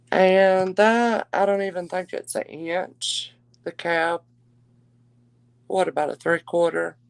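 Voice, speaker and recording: A woman's voice: fairly low pitch, vocal fry, clear, resonant tone, dry recording. Woman chatting through a live jewelry auction. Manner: chatty, warm endearments to viewers.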